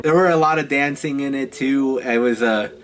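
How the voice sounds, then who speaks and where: A man in his twenties telling stories in a casual vlog, chatty and halting, often laughing between phrases. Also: mid-range voice, music in the background. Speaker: vlogger.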